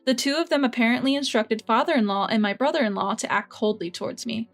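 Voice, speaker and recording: A woman narrating a first-person family story in an even, measured way. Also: on the high side, soft background music.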